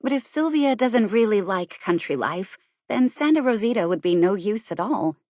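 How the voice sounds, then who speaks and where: A woman's voice: mid-range voice, big pitch swings, moderate pace, a little mellow, no room sound, clean studio sound, voice pushed up. A woman doing an anxious, impulsive young woman. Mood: earnest.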